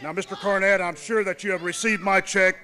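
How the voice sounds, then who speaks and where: A man's voice: sits high, steady tone, brisk, bright, forceful tone, a little hiss or hum. A middle-aged man acting as a wrestling manager in a promo, boastful, commanding and threatening.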